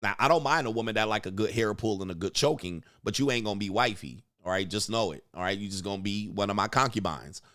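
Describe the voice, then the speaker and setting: A man's voice: lowish voice, fast talker, hardly any pauses, a bit bright. A man hosting a casual reaction commentary, crude and joking, often mimicking other people's voices. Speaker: commentary show host.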